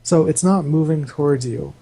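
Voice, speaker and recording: A man's voice: fairly high pitch, moderate pace, dark tone, breathy edge, poor audio. A man running a tabletop game as game master, narrating loosely with lots of "like" fillers. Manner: loose, meandering, full of "like" fillers.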